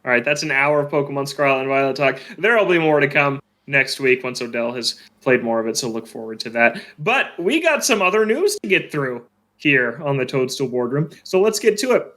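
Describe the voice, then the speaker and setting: Male podcast host, somewhat high, very animated, wry. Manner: quick wry remarks, lively reading of news lists. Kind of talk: casual podcast chat and news rundown.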